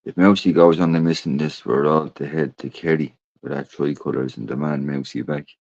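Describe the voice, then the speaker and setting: A man's voice: rumbling low, fairly even intonation, fairly quick, vocal fry, a little mellow, no echo. A man hosting a podcast, chatting casually, swearing and telling rambling stories. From Ireland. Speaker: podcast host. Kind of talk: casual chat. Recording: dull, dry sound.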